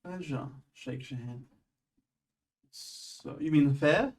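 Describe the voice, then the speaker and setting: A man's voice: a little high, takes it slowly, darkish tone, distant mic. A man voicing a young female town guard on duty, in his own plain voice without trying to sound female. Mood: wary.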